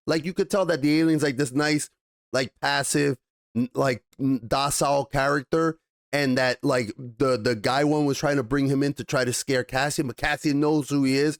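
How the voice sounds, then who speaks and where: Casual male reviewer, animated and foul-mouthed, dry close mic. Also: medium pitch, normal speed, no echo. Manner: animated, swears often.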